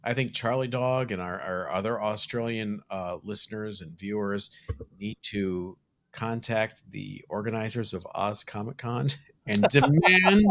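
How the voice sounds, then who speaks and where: A male podcast co-host chatting with enthusiasm and quick banter. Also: fairly low pitch, fairly even intonation, fairly bright tone. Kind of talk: casual chat.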